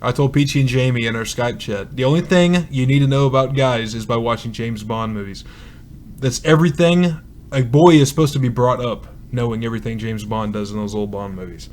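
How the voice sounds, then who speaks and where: A man's voice: mid-range voice, brisk, darkish tone, a little hiss or hum. Chatty male podcast co-host. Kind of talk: casual chat.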